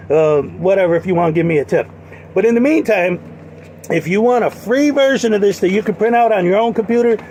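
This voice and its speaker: A sleazy, volatile con-man salesman, played by a man who pitches hard and then erupts into shouting. His voice sits high, with faint background noise behind him. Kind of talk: comedic parody monologue.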